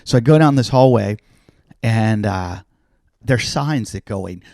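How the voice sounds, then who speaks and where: A man's voice: medium pitch, normal speed, a little mellow, no echo. A middle-aged man, a comedian hosting a podcast, telling a story in casual chat and acting out the other people's lines. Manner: swears casually.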